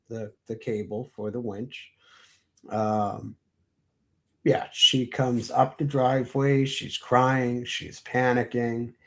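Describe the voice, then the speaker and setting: A man being interviewed as a guest, telling a personal story slowly and reflectively, with frequent hesitations. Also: mid-range voice. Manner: slow, reflective, hesitant with fillers.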